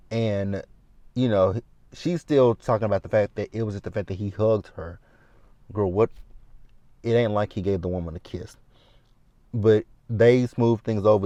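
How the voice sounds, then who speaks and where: A man with a low voice talks straight to his viewers. He recaps a reality show in a chatty, blunt, profane way. His voice sounds dry and close. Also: darkish tone, no room sound, lo-fi sound. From Texas. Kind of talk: casual recap commentary.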